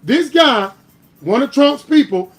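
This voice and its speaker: A man's voice: extremely high pitch, animated, slow pace, faint music behind. A man hosting a political commentary livestream, arguing hard and driving his points home with repeated "All right?". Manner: heated and argumentative, builds to louder bursts. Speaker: host.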